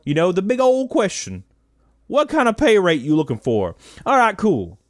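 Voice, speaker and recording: Animated, sarcastic young man ranting. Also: high voice, moderate pace, dry recording, studio quality. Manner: animated, sarcastic, swears, laughs at himself. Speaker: YouTuber telling a story. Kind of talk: casual storytelling rant.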